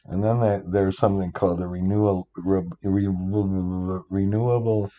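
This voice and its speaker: A man's voice: sits low, little pitch movement, moderate pace, lo-fi sound. An older man giving a rambling spreadsheet tutorial, often breaking off with exasperated asides. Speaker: instructor.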